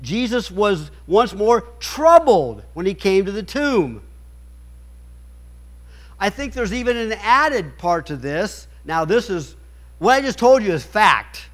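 A man's voice: sits high, big pitch swings, slow, a bit bright. A man preaching a sermon, reading scripture aloud with stumbles and restarts, then explaining it with emphatic rhetorical questions.

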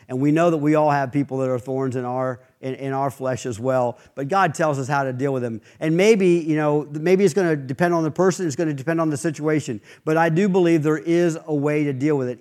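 A man's voice: a little high, a little mellow. A man preaching a sermon in a conversational, storytelling way, mixing scripture reading with anecdotes and restarts.

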